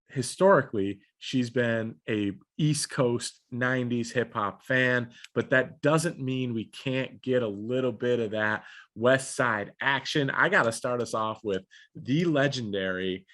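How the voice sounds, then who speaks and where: A man hosting a fan podcast, talking in an excited, jokey way. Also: mid-range voice. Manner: hyped, jokey, enthusiastic. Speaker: podcast host. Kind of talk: casual podcast chat.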